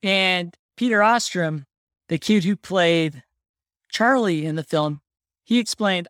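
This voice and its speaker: A woman co-hosting a casual podcast chat, excitable, laughing often and saying "like" a lot. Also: on the low side, takes it slowly, no echo, studio quality. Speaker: podcast co-host. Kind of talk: casual chat about a film.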